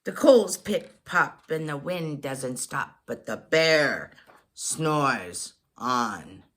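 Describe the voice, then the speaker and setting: A woman reading a children's picture book aloud, slow and expressive. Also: sits low.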